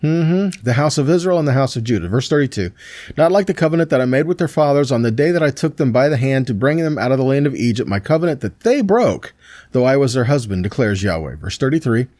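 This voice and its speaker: A male pastor reads Bible verses aloud and then unpacks them in a relaxed, conversational way, pausing to ask his listeners "right?" and "see that?". His voice sits at a middle pitch. The sound is dry and close, with no room echo. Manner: conversational, with fillers and restarts. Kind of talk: Messianic Torah teaching.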